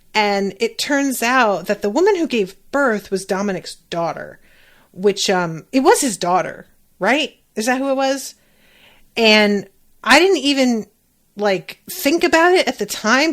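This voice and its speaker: A woman hosting a podcast, reacting to an anime episode in a casual, chatty way, animated and quick to swear. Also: on the high side. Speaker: podcast host.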